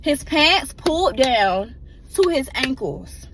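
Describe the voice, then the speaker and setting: A woman's voice: high voice, big pitch swings, takes it slowly, slight background noise. A woman emotionally telling a personal story in a casual, rambling way and often addressing her listeners directly.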